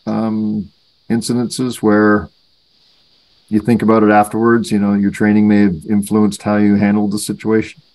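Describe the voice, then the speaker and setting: Low-voiced Canadian host, hesitant. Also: male voice, monotone, moderate pace, darkish tone. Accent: Canadian English. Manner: hesitant, filler-heavy questioning. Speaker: podcast host. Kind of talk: casual podcast interview.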